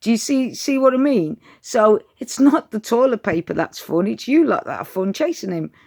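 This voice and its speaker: Chatty woman with gravelly voice. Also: a little high, lively intonation, normal speed, darkish tone. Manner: chatty, direct, addresses viewers as "you lot". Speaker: dog owner giving training tips. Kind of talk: casual advice vlog.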